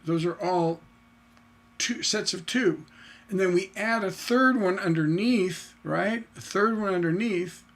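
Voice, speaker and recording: A man's voice: high voice, a little slow, a bit bright. A man teaching songwriting on a livestream, talking to himself as he works and chanting rhythms aloud to show his point.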